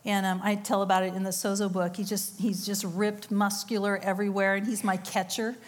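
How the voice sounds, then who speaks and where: In a church or conference hall, a middle-aged woman speaking at a conference delivers a sermon, telling a story with quoted voices and laughing asides. Her mid-range voice is flat in delivery and a little fast.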